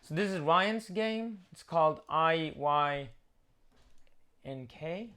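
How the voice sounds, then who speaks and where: A man's voice: on the high side, takes it slowly, pushed and bright, smooth. A man who develops games, chatting on a live stream in a loose, rambling, joking way. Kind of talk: casual livestream chat.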